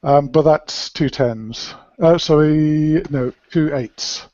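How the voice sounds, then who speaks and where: A man's voice: on the high side, slow, darkish tone. A man playing a tabletop game over voice chat, casual and joking. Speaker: player. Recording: dry lo-fi voice chat audio.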